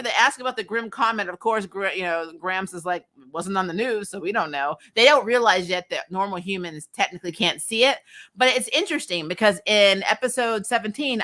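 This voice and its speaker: Woman reviewer, casual and chatty, laughs a lot, bright voice. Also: lowish voice. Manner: chatty and animated, laughs often, many fillers. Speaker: anime review vlogger.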